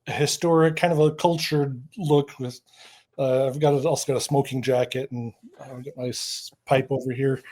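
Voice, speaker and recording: A man's voice: mid-range voice, fairly even intonation, normal speed, a little mellow. A man from Idaho, a guest in a casual interview, telling history stories in an easygoing, jokey way. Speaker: guest, Mormon history storyteller.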